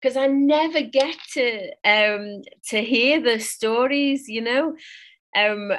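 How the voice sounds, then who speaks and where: A woman guest on a podcast, a psychic reader, talking in an effusive, warm way. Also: a little high, slow pace. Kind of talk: casual interview chat.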